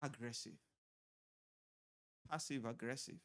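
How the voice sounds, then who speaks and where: A man's voice: mid-range voice, unhurried, pauses often. A man speaking at a church marriage seminar in a conversational way, explaining things with everyday examples.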